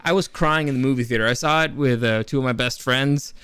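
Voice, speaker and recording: A man's voice: mid-range voice, brisk, a bit bright, clean tone, dry recording. A young man casually reviewing films, rambling and enthusiastic, with many restarts. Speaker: movie reviewer. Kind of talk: casual spoken film review.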